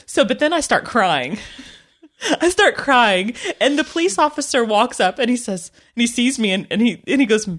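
A middle-aged woman telling a story in casual chat, animated and often laughing. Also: on the high side, fairly quick, hardly any pauses.

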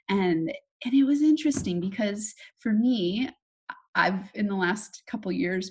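A woman's voice: fairly low pitch, darkish tone, husky. A young adult woman hosting her own podcast as a manifestation coach, talking candidly and reflectively with fillers and restarts. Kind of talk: solo podcast monologue.

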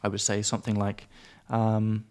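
A man's voice: lowish voice, completely flat delivery, normal speed, darkish tone. A man with a British accent co-hosting a casual podcast, explaining words with playful examples. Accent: British English. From Britain. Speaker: podcast co-host, English teacher.

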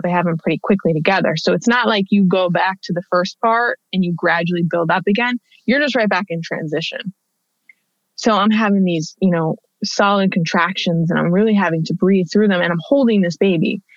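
A woman's voice: medium pitch, no echo. A woman in her thirties, a guest on an interview, telling a personal story in a conversational way with lots of fillers and restarts. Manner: chatty, with many fillers and restarts. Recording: dull, dry lo-fi audio.

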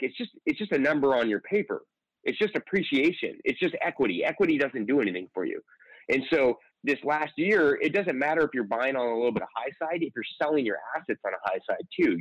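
A man's voice: mid-range voice, no room sound, lo-fi sound. A man who invests in real estate, giving confident, chatty advice in an interview with many fillers. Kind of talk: podcast interview answer.

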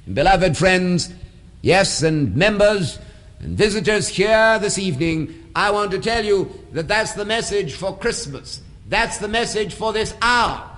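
A man's voice: high voice, lively intonation, unhurried, a bit bright. A man preaching a sermon in a church, building emphasis through repeated phrases. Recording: long hall reverb.

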